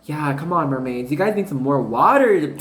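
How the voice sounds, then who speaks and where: A woman's voice: low voice, animated, moderate pace, soft background music. A woman giving a casual spiritual card reading, rambling and slangy, constantly talking to her viewers as "you guys.". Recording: roomy echo.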